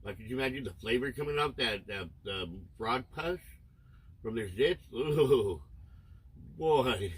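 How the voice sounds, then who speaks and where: A man's voice: mid-range voice, expressive, a little slow, breathy edge, far from the mic, poor audio. Crude, rambling young man livestreaming. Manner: rambling, crude joking, baby-talks to his dog. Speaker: livestream host. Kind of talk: crude casual livestream chat. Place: inside a camper van.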